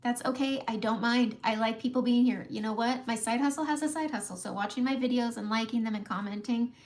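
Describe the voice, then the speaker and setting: A woman's voice: on the high side, brisk, a little mellow. A middle-aged woman hosting a casual live makeup tutorial from home, chatting with viewers by name and laughing often. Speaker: makeup livestream host.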